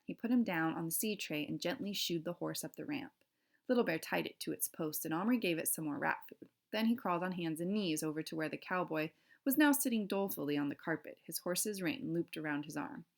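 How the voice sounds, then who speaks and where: A woman teacher reads a novel aloud to her pupils, steady and storytelling, stopping now and then to explain. Her voice sits low with a gravelly texture. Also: brisk. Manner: steady storytelling with classroom asides. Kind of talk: reading a novel aloud to a class.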